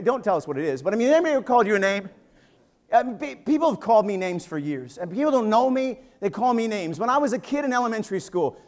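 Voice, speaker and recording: High-voiced, energetic man preaching. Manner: energetic, joking, animated storytelling. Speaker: pastor. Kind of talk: sermon. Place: church sanctuary.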